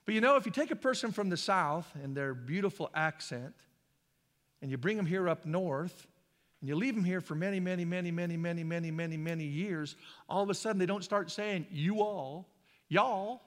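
A man from Idaho preaching a sermon as a pastor, shifting between hushed, slow passages and loud, fervent ones. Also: sits high. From Boise, Idaho. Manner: impassioned, swings from hushed to loud. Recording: long hall reverb.

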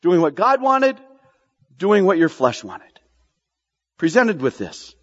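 A male pastor preaching with a high, lively voice that swings widely as he presses questions on the congregation. The sound is dull and lo-fi, with a long reverb trailing off the church walls. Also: slow pace. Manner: animated preaching, repeats lines for emphasis, asks the congregation questions. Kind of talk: sermon.

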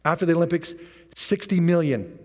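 A man preaching a sermon as pastor, animated, with repeated rallying phrases and joking asides. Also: a little high, fairly quick. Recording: long reverb of a large hall.

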